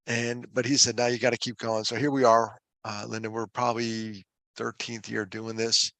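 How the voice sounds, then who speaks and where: A man's voice: medium pitch, fairly even intonation, normal speed, fairly bright tone, no echo. A man who runs a suicide prevention foundation, talking with self-deprecating humor and earnest emphasis as a show regular. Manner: earnest and emphatic when driving a point home. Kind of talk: conversational storytelling on a podcast.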